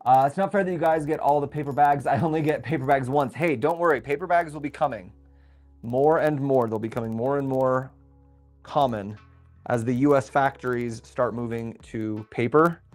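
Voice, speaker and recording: A young man hosting a casual livestream. He thinks aloud while building and reads viewer messages aloud in a relaxed, chatty way. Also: medium pitch, moderate pace, faint music behind. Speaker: livestream host building a LEGO set.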